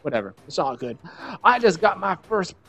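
A young man giving excited let's play commentary on a fighting game, shouting and laughing at the big hits. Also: sits high, normal speed, creaky, faint music behind. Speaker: gaming YouTuber.

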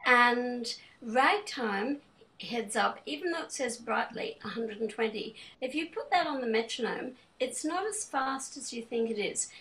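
A woman's voice: a little high, a bit bright. A woman piano examiner giving a webinar, methodically explaining step by step how she arranged a piece. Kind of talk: online teaching webinar. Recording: distant mic with piano in the background.

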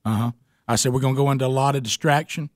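A man's voice: mid-range voice, very fast, no room sound, studio quality. A man, a radio host telling a comic story and acting out the voices of the people in it. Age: 40s. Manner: animated storyteller who acts out quoted voices. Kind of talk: comedic storytelling on a talk show.

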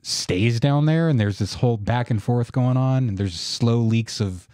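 A man's voice: medium pitch, unhurried, dark tone, no room sound, studio quality. A man co-hosting a comedy podcast, joking crudely in casual banter. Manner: wild swings, joking, crude riffs. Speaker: podcast co-host.

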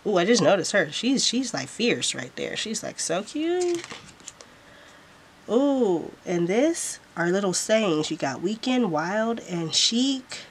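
A woman's voice: medium pitch, very animated, unhurried, hardly any pauses, a little hiss or hum. A woman vlogger showing off planner stickers in a casual haul, gushing and repeating how cute everything is.

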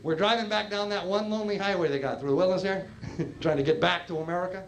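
A man from Georgia doing a stand-up routine, animated storytelling with acted voices. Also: high voice, fast talker. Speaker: stand-up comedian. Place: comedy club. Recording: live club recording with crowd laughter and noise. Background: audience laughter.

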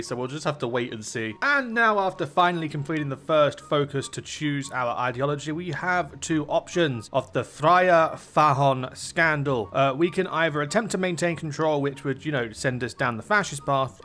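Chatty young man, slightly high voice. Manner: thinks aloud, chatty, easily excited. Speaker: gaming YouTuber. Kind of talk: casual strategy game commentary.

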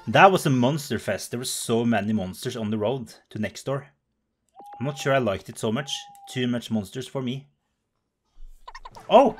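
A man's voice: medium pitch, fairly bright tone. A man commentating a video game in a playful, bubbly way, gasping and making silly sound effects. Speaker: let's play host.

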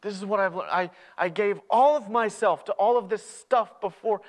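A man's voice: very high voice, lively intonation, fairly quick, a bit bright, pitched above the performer's own voice. A man playing a repentant younger son in a sermon parable, talking earnestly with stumbling restarts. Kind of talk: sermon storytelling.

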